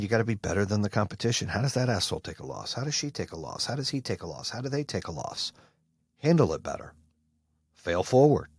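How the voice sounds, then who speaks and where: A man hosting a podcast, giving an intense, profane motivational monologue with shouting bursts. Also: lowish voice, husky, no echo, clean studio sound. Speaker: podcast host.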